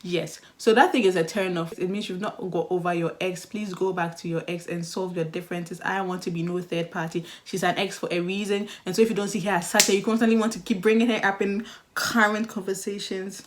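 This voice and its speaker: A young adult woman giving casual dating advice in a chatty, animated vlog style, often acting out the voices she quotes. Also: lowish voice, brisk, few pauses, a little hiss or hum. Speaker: vlogger.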